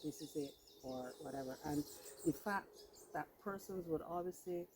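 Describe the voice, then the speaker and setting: A woman's voice: low voice, normal speed. A woman minister as an interview guest, telling a personal story with emphasis. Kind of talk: casual interview. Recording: loud background noise.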